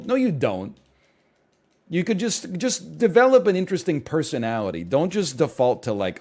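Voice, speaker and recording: A man's voice: fairly high pitch, big pitch swings, normal speed, a little mellow, soft background music. A young man streaming games, chatting casually in a sarcastic, profane, ranting way. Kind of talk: casual gaming stream chat.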